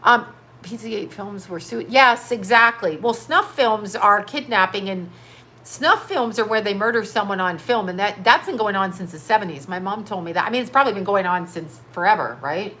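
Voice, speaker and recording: A woman's voice: mid-range voice, bright, forceful tone. Emphatic woman in her fifties ranting. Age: 50s. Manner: emphatic, profane, rapid-fire rhetorical questions. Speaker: livestream host. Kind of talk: impassioned livestream rant.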